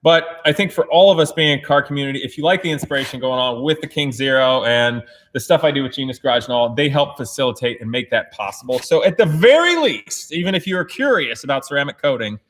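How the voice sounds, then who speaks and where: An American man hosting a casual livestream Q&A from an indoor race shop, talking in an energetic, excitable way and laughing often. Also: medium pitch, fast, few pauses, slight background noise. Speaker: host.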